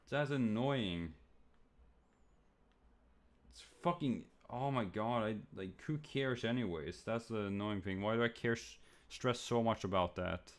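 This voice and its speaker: A young male streamer vents in a rambling, frustrated way, swearing and stammering as he restarts his sentences. When quoting other people, he jumps into a high, loud mimicking voice.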